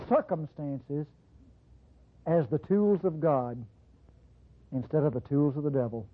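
A preacher in full flow, the voice husky and full of lively swings in pitch. The sermon comes through a thin, tinny recording. The delivery calls out to the room and drops to quiet asides between the peaks. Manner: animated, swinging between low intimate asides and high bursts; addresses the congregation directly with call-outs.

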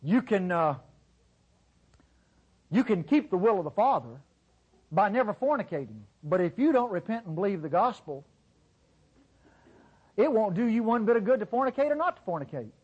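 A man's voice: high-pitched, big pitch swings, moderate pace, long pauses, a little mellow, breathy edge, dull audio. A middle-aged man preaching a sermon in a church, emphatic and repetitive, with sarcastic asides.

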